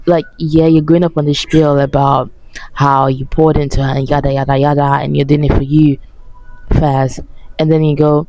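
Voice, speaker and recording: A young woman delivers a heated, sarcastic rant about a reality show, dropping swear words along the way. Her voice is mellow and gravelly with vocal fry, recorded close and dry. She sounds worn out. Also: deep voice, fairly even intonation, moderate pace, no room sound, low-quality recording. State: tired. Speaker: vlogger reacting to a reality show. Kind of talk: casual reaction rant.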